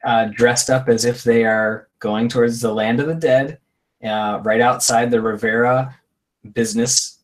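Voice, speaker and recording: A man's voice: mid-range voice, level tone, a little slow. A man co-hosting a casual live stream, chatting and reading out viewer comments. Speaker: co-host.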